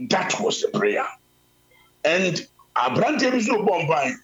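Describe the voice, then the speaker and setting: A man with a Ghanaian accent preaching a sermon, telling a story and mixing Twi with English, swinging between loud calls and low asides. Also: sing-song, a little slow. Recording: dull lo-fi sound.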